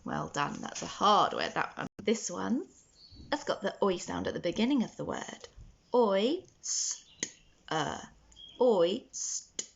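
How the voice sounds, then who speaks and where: A woman teaching a children's phonics lesson, sounding out words slowly and praising often. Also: lowish voice, huge pitch swings, creaky, a bit bright, lo-fi sound, a little hiss or hum. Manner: slow, sounding out words letter by letter with encouraging praise.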